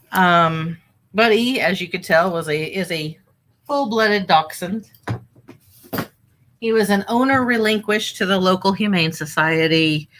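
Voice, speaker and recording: A woman's voice: fairly low pitch, fairly bright tone. A woman hosting a casual livestream from home, chatting in a rambling way, with fillers and asides to her viewers. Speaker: livestream host and online reseller.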